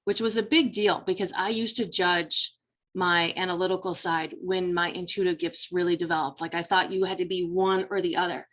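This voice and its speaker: A woman's voice: fairly low pitch, steady tone, moderate pace, fairly bright tone. Middle-aged woman, life coach, earnest motivational talk straight to the viewer. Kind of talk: personal story told to camera.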